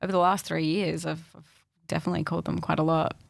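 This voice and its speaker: A young Australian woman speaking candidly as a podcast guest, thoughtful and halting, often restarting her sentences. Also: sits low, level tone, gravelly, dry recording, clean studio sound. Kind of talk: candid personal conversation.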